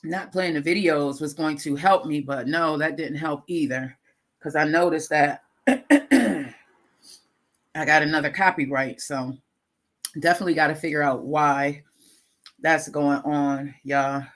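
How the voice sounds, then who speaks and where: A middle-aged woman hosting a casual live chat with her viewers, congested and clearing her throat, animated and calling them y'all. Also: low voice, a little slow, long pauses. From Lackawanna, New York, USA. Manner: chatty, animated, laughing asides, calls audience y'all. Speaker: livestream host.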